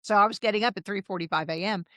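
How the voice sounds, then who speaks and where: A woman in her fifties, a guest on an interview podcast, who tells her stories in a lively way and acts out the dialogue. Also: medium pitch, very fast, no room sound. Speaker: podcast guest, health coach. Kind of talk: casual interview storytelling.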